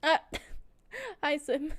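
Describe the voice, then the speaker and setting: This young streamer's high voice swings widely in pitch, and she draws out her words. Chatting casually, she gushes with plenty of fillers and keeps breaking into giggles partway through sentences.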